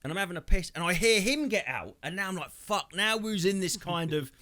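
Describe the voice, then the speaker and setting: A man, co-hosting a podcast, telling a crude story in a lively, swearing, animated way and acting out other people's lines. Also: sits high, brisk. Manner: animated, swearing, acts out quoted voices. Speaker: podcast co-host. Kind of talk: casual comedic storytelling.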